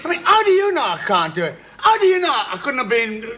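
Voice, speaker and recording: An actor playing a cheeky, idle young man who argues back with quick, mocking retorts in a 1970s TV sitcom. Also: very high-pitched, huge pitch swings, heavy background noise, heavily acted. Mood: defiant.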